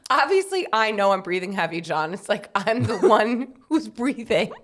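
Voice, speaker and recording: A young woman co-hosting a podcast in casual chat, pregnant and a bit short of breath, playful and quick to laugh. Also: medium pitch, big pitch swings. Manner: playful, teasing, laughs often. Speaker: podcast co-host.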